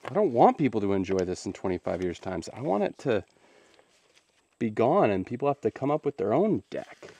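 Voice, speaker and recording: A man's voice: on the low side, sing-song, normal speed, mellow. A man chatting casually while building a deck outdoors, joking and rambling to his viewers. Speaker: DIY cabin builder.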